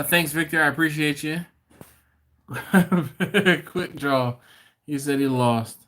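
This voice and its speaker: A man's voice: a little high, slow pace, sharp tone. A man hosting a casual livestream, chatting and rambling, often laughing and restarting his sentences. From not from Baltimore. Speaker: livestream host. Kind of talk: casual live-stream chat.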